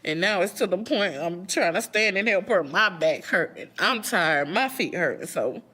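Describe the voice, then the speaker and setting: A woman's voice: on the low side, expressive, moderate pace, sharp tone, husky. A mother speaking in a documentary in a weary, earnest way. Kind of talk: documentary interview.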